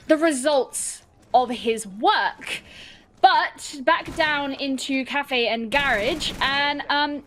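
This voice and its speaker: A woman giving measured, analytical color commentary on an esports match. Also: high voice, slight background noise.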